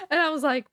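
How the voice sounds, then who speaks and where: Chatty high-voiced woman reviewing a book. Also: sharp tone, no room sound, clean studio sound. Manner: chatty, many fillers, acts out quotes. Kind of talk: casual book review retelling.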